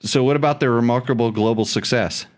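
A man's voice: mid-range voice, fast talker. A middle-aged man hosting a casual podcast, joking and teasing, often restarting his sentences. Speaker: podcast host. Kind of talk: casual chat.

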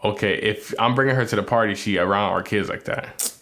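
A man's voice: fairly low pitch, a little fast. Profane, blunt young man chatting. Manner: profane, blunt, animated when riled. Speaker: podcast co-host. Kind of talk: casual couple podcast chat.

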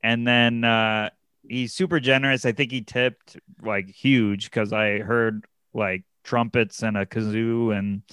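A young man spinning a comedy tale on a podcast, lively and scattered, leaping up in pitch whenever he acts out someone else. His voice is smooth and clean, set close and dry with no room sound. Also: unhurried, no echo. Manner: animated, jumps up in pitch to act out quoted people, many fillers and restarts. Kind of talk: casual podcast storytelling.

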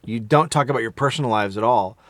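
A man's voice: medium pitch, quick pace, a bit bright, no echo, clean studio sound. A man co-hosting a comedy podcast, talking in casual, crude banter and laughing often. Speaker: podcast co-host.

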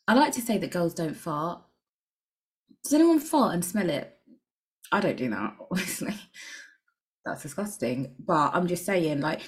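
Chatty woman with a lowish voice. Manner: candid, crude jokes, rambling asides. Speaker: podcast host. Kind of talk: casual solo podcast chat.

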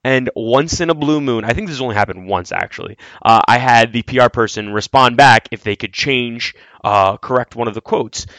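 A man's voice: medium pitch, normal speed, few pauses, a bit bright, no echo. A man co-hosting a podcast as a reporter, voicing complaints in a blunt, emphatic way. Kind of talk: casual podcast chat.

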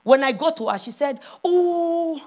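A pastor's wife preaching a sermon, moving from hushed storytelling to loud, impassioned calls. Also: female voice, a little high, expressive, normal speed.

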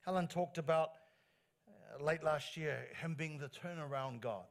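A man with a fairly high, creaky voice speaks a little slowly. He is a pastor giving an earnest sermon in a church, his phrases rising with emphasis as he repeats lines to drive them home.

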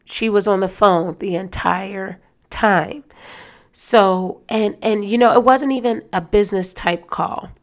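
A woman hosting a solo podcast, ranting in an animated, exasperated way and speaking straight to her listeners. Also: medium pitch, slow pace. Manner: loose and conversational, with restarts. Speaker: podcast host.

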